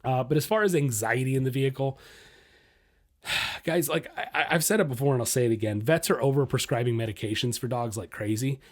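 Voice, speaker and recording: Blunt, animated male dog-trainer host. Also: medium pitch. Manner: blunt, animated, talks straight to listeners as "guys"; acts out a dog's inner voice in quick asides. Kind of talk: casual podcast advice.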